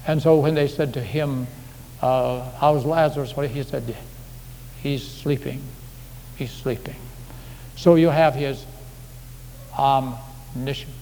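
In a mid-range, mellow voice, steady and unhurried, this man preaches as pastor. He's folksy and conversational, filling his sermon with homely anecdotes. The church sanctuary sounds echoey, with faint hiss in the background.

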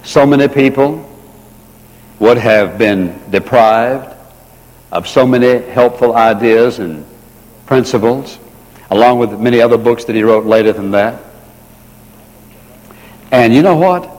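A man preaching a sermon in an earnest way, slowing down and repeating key phrases for emphasis. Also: medium pitch, a little mellow. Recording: long reverb of a large hall.

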